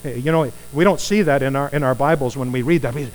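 A man preaching a conversational sermon, animated and putting rhetorical questions to his listeners. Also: medium pitch, fairly quick, hardly any pauses, rough recording.

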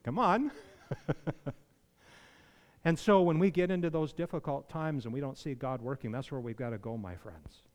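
A man's voice: mid-range voice, normal speed, pauses often, darkish tone. A man preaching a sermon, conversational and then emphatic, asking his listeners questions. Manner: conversational, rising to emphatic pleading when voicing others. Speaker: pastor. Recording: long hall reverb.

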